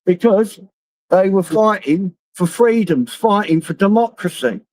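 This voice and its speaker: Unhurried and animated, a middle-aged London live streamer with a high voice and darkish tone chats to viewers on his phone while driving. He rambles, swears heavily and laughs at his own stories, in a low-quality recording without echo.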